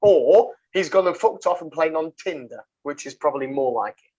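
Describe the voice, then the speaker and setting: A man hosts a laid-back podcast chat, full of swearing, fillers and jokes. His voice sits a little high. The sound is dull and lo-fi, like a home call. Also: lively intonation, normal speed, dark tone, husky. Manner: swears freely, banter with fillers. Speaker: podcast host. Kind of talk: casual chat.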